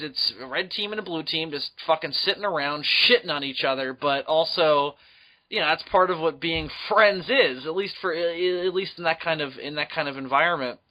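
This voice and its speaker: A young man co-hosting a podcast in casual chat, animated, laughing often and acting out quoted lines. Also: a little high. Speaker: podcast co-host. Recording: dull lo-fi podcast audio.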